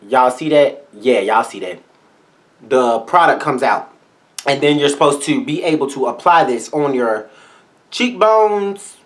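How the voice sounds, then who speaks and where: A man reviewing makeup products in a vlog, talking straight to his viewers in a sassy, flamboyant, salty way. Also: medium pitch. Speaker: beauty vlogger.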